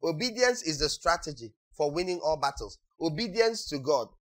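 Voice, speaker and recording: A man preaching a sermon as pastor, acting out quotes and breaking into sudden shouts. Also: a little high, sing-song, normal speed.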